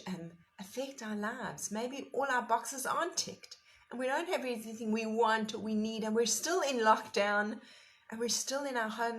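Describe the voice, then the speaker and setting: A woman meditation teacher giving a guided meditation talk, gentle and unhurried, sometimes easing into soft whispers. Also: fairly high pitch, a little hiss or hum, poor audio.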